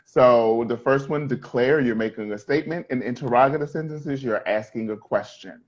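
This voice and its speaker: A man's voice: mid-range voice, normal speed. Joking male teacher, dull audio. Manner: joking, explanatory, asks students questions. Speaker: middle school teacher. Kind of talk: classroom lesson.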